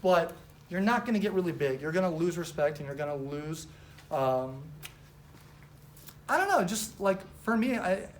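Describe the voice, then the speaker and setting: A woman trainer talks to a live crowd in an echoing meeting room, with a faint hum of noise underneath. Her delivery is animated and loose. She fills it with "like" and slips into little acted-out quotes. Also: lowish voice, normal speed, pauses often. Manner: animated, chatty, heavy use of "like", acts out quotes. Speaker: sales office trainer. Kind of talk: casual motivational training talk.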